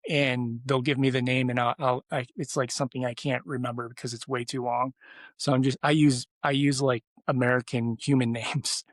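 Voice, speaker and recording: A man's voice: medium pitch, no room sound. Man rambling through a story, dry sound. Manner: rambling, with many restarts and fillers. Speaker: podcast guest. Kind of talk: storytelling in casual conversation.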